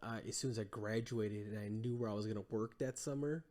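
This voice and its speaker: A man's voice: fairly low pitch, fairly even intonation, brisk, darkish tone. A man as a podcast guest, telling long rambling stories in casual chat, full of fillers. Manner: rambling storytelling with many fillers.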